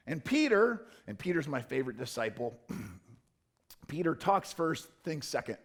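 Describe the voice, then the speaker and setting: A man's voice: on the high side, very animated, measured pace, vocal fry. A man preaching a casual, conversational sermon as a pastor, joking and wandering into loose asides. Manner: informal, joking, rambling asides. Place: church.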